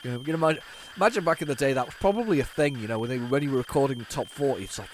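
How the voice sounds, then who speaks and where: A man's voice: medium pitch, expressive, racing, few pauses, slight background noise, poor audio. A man hosting a retro gaming video, chatting casually to viewers as he rambles, stumbles and restarts his sentences. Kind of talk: casual running commentary.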